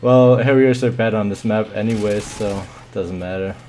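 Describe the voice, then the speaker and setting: A man's voice: lowish voice, normal speed, darkish tone, a little hiss or hum. A man commentating his own shooter match live, muttering and swearing with sudden yelps.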